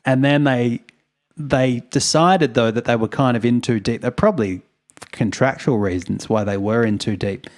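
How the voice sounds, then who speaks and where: A podcast co-host retells events in casual storytelling chat, rambling and wry, with chuckles along the way. His voice is medium-pitched and he talks at a normal speed.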